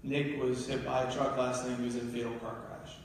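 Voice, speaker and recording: A man's voice: mid-range voice, level tone, a little fast, creaky, slight background noise. Man giving a keynote in an echoey hall. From New Jersey. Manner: emphatic storytelling, building to urgent peaks. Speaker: keynote speaker. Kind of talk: motivational keynote speech. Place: large university hall with live audience. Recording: echoey hall, heard from far off.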